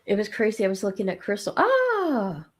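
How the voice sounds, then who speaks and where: A woman's voice: medium pitch, little pitch movement, very fast, a little mellow. An older woman, a mom and grandma, chatting casually on her livestream in a rambling, sleepy, self-deprecating way. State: sleepy, yawning. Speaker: livestream host. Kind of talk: casual chat.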